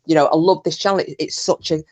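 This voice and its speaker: A woman's voice: sits low, steady tone, fast talker, darkish tone. Woman host, friendly and rambling, in casual chat.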